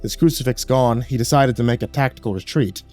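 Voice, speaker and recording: A man's voice: medium pitch, a little fast, a little mellow, soft background music. A man reading a horror story aloud in a dramatic storytelling manner. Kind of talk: scripted horror narration.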